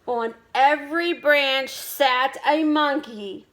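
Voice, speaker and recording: A woman reading a storybook aloud to children as their teacher, expressive, with dramatic pauses and questions to her listeners. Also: sits high.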